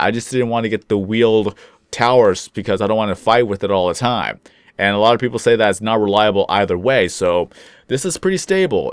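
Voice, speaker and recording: A young man chatting casually over his gameplay, rambling and laughing at his own slips. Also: mid-range voice. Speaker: gaming YouTuber. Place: home computer desk.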